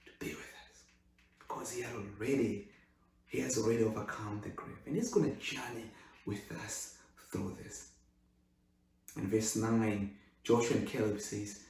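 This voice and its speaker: Pastor preaching in a very echoey room. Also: male voice, medium pitch, measured pace. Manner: swings between loud exclaiming and hushed, intimate speech. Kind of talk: sermon. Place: church sanctuary. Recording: echoey room, far from the mic.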